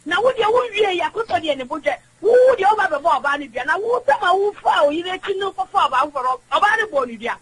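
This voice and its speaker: Woman caller, very high pitched, preachy, emphatic. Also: lively intonation, fast, hardly any pauses, a bit bright, low-quality recording. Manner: emphatic, preachy, switches between languages. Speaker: radio caller. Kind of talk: call-in opinion talk.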